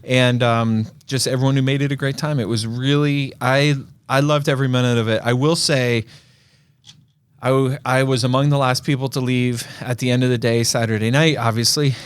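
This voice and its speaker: A man's voice: mid-range voice, steady tone, moderate pace, clear, resonant tone, no room sound. Chatty man co-hosting a podcast. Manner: chatty, joking, many restarts and fillers. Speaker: podcast co-host. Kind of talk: casual chat.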